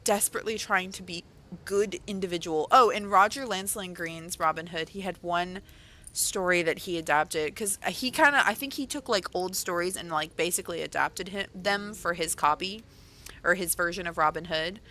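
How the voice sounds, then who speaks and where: A woman's voice: lowish voice, normal speed, bright, forceful tone. A woman author hosting a casual livestream, chatting in a rambling, self-correcting way.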